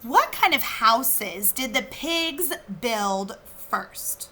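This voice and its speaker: A woman reading a storybook aloud to children like a teacher, expressive, and pausing to ask them questions. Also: on the high side, slight background noise. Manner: expressive, asking the listeners questions.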